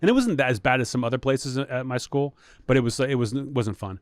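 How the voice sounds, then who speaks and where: Mid-pitched comedian, dry recording. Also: male voice, quick pace, no echo. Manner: wry storyteller, acts out quoted lines. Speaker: podcast guest, comedian. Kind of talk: casual chat.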